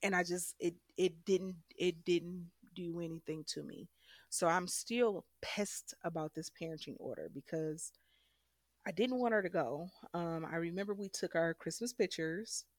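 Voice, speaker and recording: A young woman speaks frankly about her life, pressing hard on the points that matter to her. Her voice sits a little low. It is recorded close and dry, with no room sound. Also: a little slow, no room sound. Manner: candid, emphatic, frank. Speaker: guest telling her story. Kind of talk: emotional personal storytelling.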